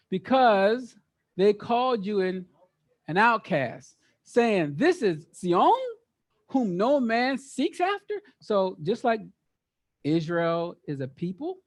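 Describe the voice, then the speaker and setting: Man, high-pitched, interactive scripture teacher who keeps quizzing the room. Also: slow pace, long pauses. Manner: lively, quizzes the group, repeats words for emphasis. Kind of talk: interactive Bible study teaching.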